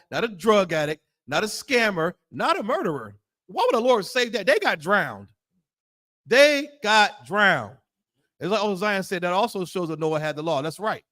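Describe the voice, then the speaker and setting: A man leads a Bible law class, swearing freely and firing off rhetorical questions. His voice sits high and swings widely up and down as he preaches. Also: a bit bright. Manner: blunt, profane, rhetorical questions. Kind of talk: fiery preaching lesson.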